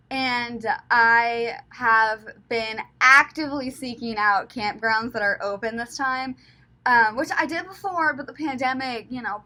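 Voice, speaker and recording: A woman's voice: on the high side, bright, forceful tone. Chatty young woman, light Southern lilt. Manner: chatty and rambling, thinking aloud. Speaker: travel vlogger. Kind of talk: casual vlog chat.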